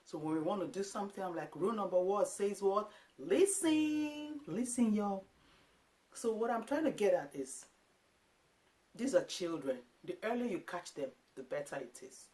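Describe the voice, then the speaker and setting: A woman in her thirties from Africa, a parenting vlogger talking casually to camera, lively and quick to act out little quotes. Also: lowish voice. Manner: animated, acts out quotes of herself and her sons.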